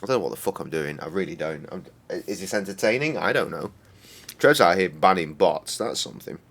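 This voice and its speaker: A man's voice: sits low, lively intonation, brisk, creaky, fairly bright tone. Guy on stream, cursing every other word, voice swings all over. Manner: constant swearing, exasperated. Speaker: game streamer. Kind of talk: casual live-stream commentary.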